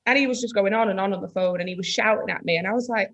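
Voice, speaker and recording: Business-owner woman, guest spot, frank lively storyteller who acts out quotes. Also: mid-range voice, very fast, highs cut off. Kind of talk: casual chat.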